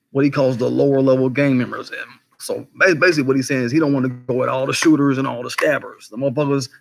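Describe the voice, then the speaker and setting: A man hosting a casual livestream commentary, talking in an animated, conversational way, swearing freely, firing off rhetorical questions and greeting chat viewers by name. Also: mid-range voice, gravelly. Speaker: commentary channel host.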